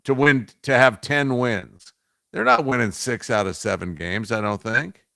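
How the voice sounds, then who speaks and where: A man's voice: medium pitch, animated, measured pace, vocal fry, bright, forceful tone, no room sound, studio quality. A man co-hosting a sports talk show, chatting about football in a laid-back way with wry asides. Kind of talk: casual sports debate.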